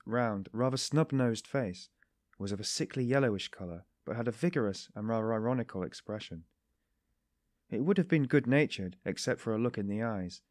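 A man narrating a classic novel as an audiobook in a steady, measured storytelling manner. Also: lowish voice, dry recording, clean studio sound.

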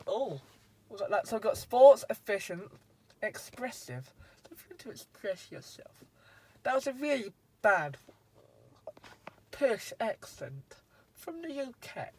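A man's voice: sits high, rough recording. A man reviewing a car from inside it, talking in a chatty, rambling way and often cutting himself off mid-sentence. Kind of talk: casual car review vlog.

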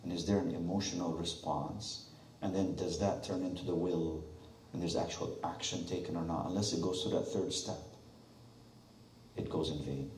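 Deep-voiced preacher in an echoey church. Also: male voice, fairly even intonation, normal speed, darkish tone, slight background noise. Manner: storytelling with rhetorical questions. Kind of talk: sermon. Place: church sanctuary. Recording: echoey church hall from a distant mic.

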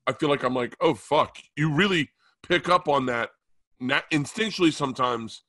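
A man's voice: a little high, moderate pace, pushed and bright, no room sound. A man co-hosting a casual podcast, a touring comedian who rambles and restarts his thoughts.

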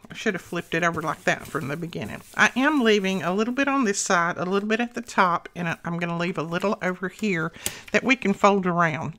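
A woman's voice: medium pitch, a bit bright, a little hiss or hum. A woman hosting a casual craft tutorial, talking to viewers as she works and a little out of breath. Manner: chatty, talks to viewers while working. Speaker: craft channel host.

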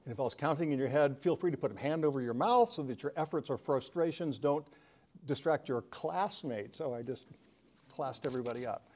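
A man's voice: medium pitch, fairly quick, a little mellow. An older man giving a casual presentation to a live audience, chatty and joking, bantering with the crowd. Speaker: talk presenter.

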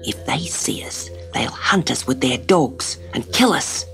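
A woman voicing a gentle, brave mother kangaroo on a storybook tape, with a hushed and warning murmur. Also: very deep voice, animated, measured pace, vocal fry, whispered, pitched below the performer's own voice, heavily acted. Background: soft story music.

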